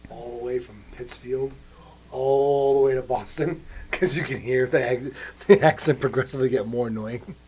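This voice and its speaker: A man's voice: mid-range voice, fairly even intonation, normal speed, a little mellow. A man hosting a podcast in casual chat, blunt and profane, joking with his co-host.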